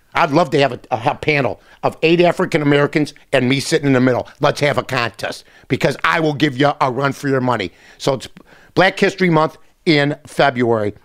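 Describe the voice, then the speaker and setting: A middle-aged man hosting a short commentary segment, blunt and combative, ending his points with a pushy "okay?". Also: a little high. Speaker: sports radio host. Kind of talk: opinionated commentary monologue.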